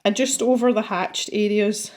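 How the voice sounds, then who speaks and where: A Scottish woman runs a colouring channel, chatting casually while she works and rambling with plenty of fillers and self-talk. Her mid-range voice is steady and a little mellow, at a normal speed.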